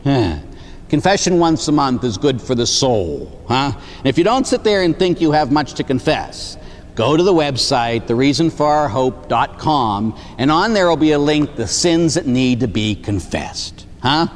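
A man's voice: medium pitch, moderate pace. A man preaching a sermon as a Catholic priest, telling stories and acting out dialogue. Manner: animated storytelling, acts out dialogue, tags lines with "huh?". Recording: faint noise, long hall reverb.

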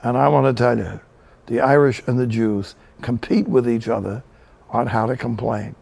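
A man's voice: mid-range voice, fairly even intonation, normal speed, vocal fry, darkish tone. A man from New Jersey preaching a sermon, telling Bible stories with humorous asides. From New Jersey, USA.

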